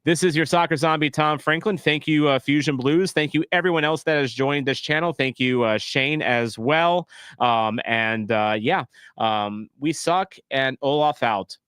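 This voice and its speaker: A man's voice: a little high, moderate pace, fairly bright tone, clean tone, dry recording. Guy venting after a soccer game, swears a lot, keeps restarting sentences, dry close sound. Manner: frank, profane, rambling with restarts. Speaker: channel host. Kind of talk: casual fan reaction commentary.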